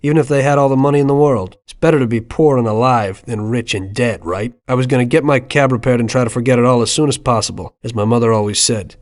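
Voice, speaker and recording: A man's voice: medium pitch, quick pace, few pauses, no room sound, lightly acted. Man voicing a young cab driver, hesitant, stammering, video game dialogue, dry sound. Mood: reflective. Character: nervous young male cab driver, reluctant.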